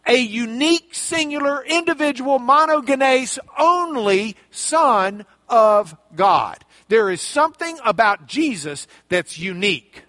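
High, lively preacher acting out scripture. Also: male voice, slow, hardly any pauses, no room sound. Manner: animated storytelling, acting out characters in casual voices. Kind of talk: sermon.

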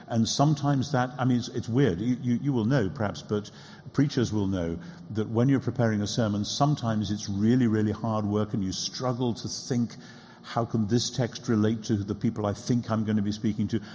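A bishop speaks in a low, mellow voice, measured and reflective. His words carry a long reverb from a large hall. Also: steady tone. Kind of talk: reflective conversation.

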